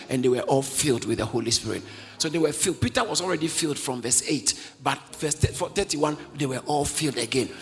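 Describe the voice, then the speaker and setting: A male preacher delivering an emphatic sermon, often shouting and getting the congregation to repeat lines. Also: on the high side. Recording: long hall reverb.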